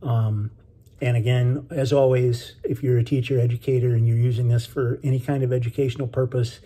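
A man's voice: mid-range voice, fairly quick, husky. A middle-aged man, an author, chatting casually with many ums before reading his book aloud. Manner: relaxed and friendly, many ums and uhs.

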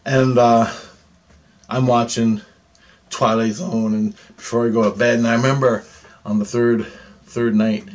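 A man telling a personal story in a casual vlog monologue, rambling, swearing constantly, and swinging between muttering and excited outbursts. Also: medium pitch, a little slow, long pauses. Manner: restarts and repeats himself often. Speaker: vlogger recounting personal experiences.

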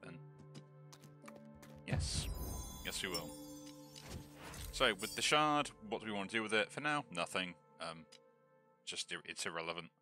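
Low-voiced guy with hiccups doing chill let's play commentary, music playing behind him. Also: fairly quick. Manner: relaxed, thinking aloud with fillers. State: has the hiccups. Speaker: gaming channel host. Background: background music.

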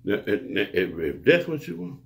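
A man's voice: lowish voice, big pitch swings, measured pace, vocal fry. A man preaching a rambling monologue to his viewers, grandiose and profane, lecturing the listener. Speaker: self-styled preacher.

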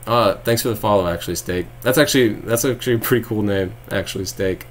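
A man's voice: fairly low pitch, quick pace, slight background noise. A young man from Texas, live-streaming and chatting casually with viewers, rambling with frequent laughs and sarcastic asides.

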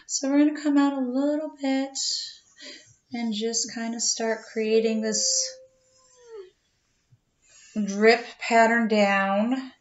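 A woman's voice: on the high side, steady tone, slow, pauses often. A middle-aged woman, an art teacher, talking step by step through a drawing tutorial in a chatty way. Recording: echoey room, dull lo-fi sound.

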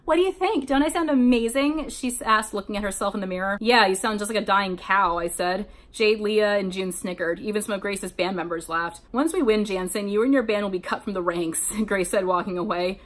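A woman's voice: mid-range voice, fairly quick, few pauses. Sarcastic woman reading fanfiction aloud. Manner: sarcastic asides between read passages. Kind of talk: reading a story aloud with commentary.

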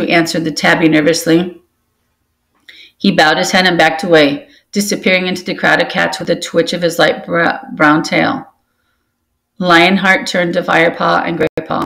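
Gravelly low-voiced woman reading aloud. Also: level tone, a bit bright. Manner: slow, careful reading with small restarts. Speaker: teacher reading to a book club. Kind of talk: reading a novel aloud to children.

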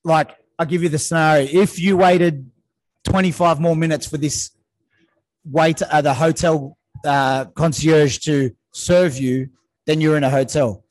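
A man's voice: on the high side, measured pace, dry recording, rough recording. A man hosting a podcast, chatting casually and backing the guest up with short affirmations. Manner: frequent short affirmations, relaxed and swearing. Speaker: podcast host. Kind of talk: casual chat.

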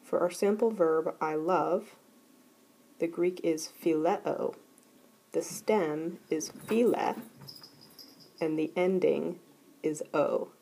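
Woman teacher, methodical lesson delivery, warm low voice. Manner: clear, methodical explaining. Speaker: Greek teacher. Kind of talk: recorded grammar lesson.

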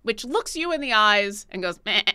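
Bright-voiced woman running a tabletop game. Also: on the high side, normal speed, smooth. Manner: lively, playful scene-setting. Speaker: dungeon master.

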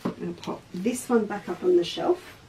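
A woman's voice: mid-range voice, moderate pace, recorded from a distance. An Australian woman leads a live sewing lesson in a chatty, easygoing way and greets her viewers between steps. Her voice sits a little away from the mic. A faint background noise runs under it. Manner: chatty, stops mid-task to greet viewers by name. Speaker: craft teacher and shop host.

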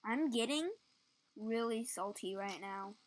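A young woman giving excitable, casual commentary while playing a game, yelping at near misses. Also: on the high side, measured pace. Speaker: gaming channel host.

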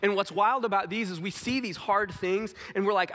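A man preaching a sermon in a church, earnest, acting out quotes and dropping softly into stories. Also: sits high, moderate pace, hardly any pauses, long reverb tail. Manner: earnest, acts out quotes, drops to soft tones for stories. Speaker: pastor. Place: church sanctuary.

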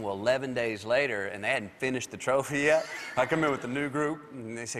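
A man's voice: medium pitch, fast talker, fairly bright tone. A man, a late-night talk show guest telling a long story, drawling and acting out other people's lines as he goes. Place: television studio stage. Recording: studio hall reverb with faint noise.

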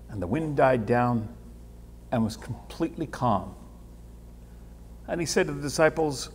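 A man preaching a sermon as pastor, animated, repeating words and swinging between hushed and loud. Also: medium pitch, a little slow, pauses often, slightly rough. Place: church sanctuary. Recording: church hall with long reverb.

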